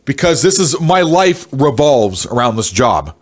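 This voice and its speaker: A man's voice: mid-range voice, sing-song, unhurried. A man in his twenties venting angrily about work, swearing and stressed. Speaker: vlogger. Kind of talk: ranting personal monologue.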